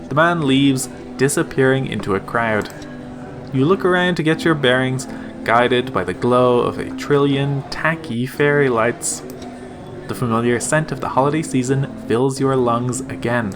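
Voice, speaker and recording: A man reading a text game aloud in a reflective, measured voice. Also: mid-range voice, background noise. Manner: reflective, measured second-person narration. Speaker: game reader.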